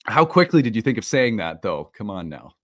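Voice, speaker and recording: A man hosting an astrology video in a casual talk, animated and self-deprecating, laughing at his own jokes, recorded at home. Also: lowish voice, brisk, no room sound. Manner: self-deprecating, playful asides. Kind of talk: casual solo talk to camera. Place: home room with open windows.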